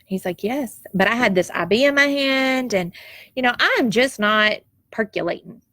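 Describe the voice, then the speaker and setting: A woman's voice: on the high side, lively intonation, normal speed, fairly bright tone, dry recording, studio quality. A woman, telling a personal story in an emotional, heartfelt and reflective way, tearful at times. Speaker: nurse sharing a personal story.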